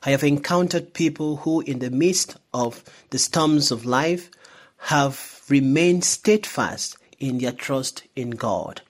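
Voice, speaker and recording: A man, a priest, delivering a Sunday homily in a measured, reflective way. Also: medium pitch.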